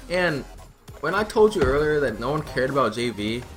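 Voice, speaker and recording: A teenage gaming host telling a school story over gameplay in a chatty, profane, laughing way. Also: male voice, medium pitch, sing-song, normal speed, fairly bright tone. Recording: music playing behind the voice. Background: background music.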